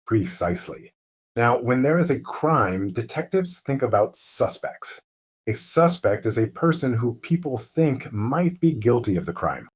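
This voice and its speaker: Hosting a lesson for English learners, a man with a mid-range voice narrates a mystery story. He speaks slowly, clearly and deliberately, in a calm manner.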